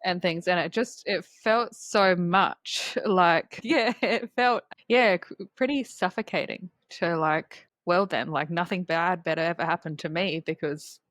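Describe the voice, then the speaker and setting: A woman's voice: lowish voice, unhurried, hardly any pauses, a bit bright, no room sound. A young adult woman hosting a casual podcast chat, talking freely with lots of filler words and easy laughter. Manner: chatty, many filler words, laughs easily. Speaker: podcast host.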